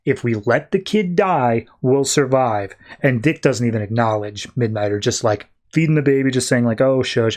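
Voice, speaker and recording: A man hosting a comics podcast, casually retelling a comic book issue and reading out the characters' lines in a low-key voice. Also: moderate pace, few pauses, a little mellow.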